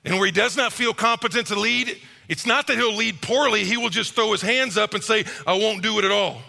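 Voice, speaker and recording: A middle-aged male pastor preaching a sermon in a church, animated and acting out quick quoted voices. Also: sits high, gravelly, faint music behind. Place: church auditorium. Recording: reverberant church hall.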